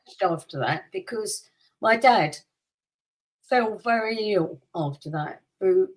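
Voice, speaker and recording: In a casual chat on her podcast, a woman co-host tells a personal story in a slow, mid-range voice. She's lively, acts out quotes, and laughs often, though the audio is poor.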